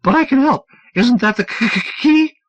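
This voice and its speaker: A man's voice: very high voice, lively intonation, moderate pace, pitched above the performer's own voice. A man voicing a frantic, stammering man running from gangsters, stuttering on first sounds. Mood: urgent. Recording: dull, dry audiobook recording.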